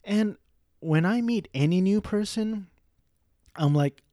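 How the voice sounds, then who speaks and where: Male reviewer, casual rambling delivery with profanity, warm low-key tone, dry room. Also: animated, slow, no room sound. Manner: rambling, profane, self-deprecating. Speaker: movie reviewer. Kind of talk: casual movie review monologue.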